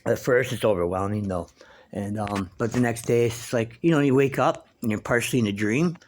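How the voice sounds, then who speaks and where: A man's voice: mid-range voice, fairly quick, a little hiss or hum. A man talking in a rambling, casual monologue, swearing freely and wandering between thoughts with lots of fillers. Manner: rambling, profane, meandering with many fillers. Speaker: vlogger.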